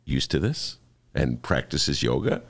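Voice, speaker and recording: A man's voice: a bass voice, a little slow, slightly rough. An older man hosting a casual talk show, ranting animatedly and poking fun at himself. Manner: animated, ranting and self-mocking. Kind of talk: casual radio-style chat.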